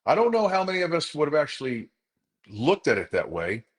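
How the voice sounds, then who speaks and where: A man's voice: on the high side, huge pitch swings, brisk. A man who works as a chiropractor, telling a story to a group in an earnest, motivational way. He speaks to them directly and repeats words for emphasis. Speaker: chiropractor leading a group session.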